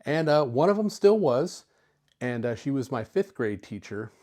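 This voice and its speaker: Brief: a man in his fifties, chatty tech vlogger, mid-pitched, relaxed storyteller. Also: moderate pace. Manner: chatty, easygoing, with filler words. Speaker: retro computer YouTuber. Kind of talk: casual storytelling to camera.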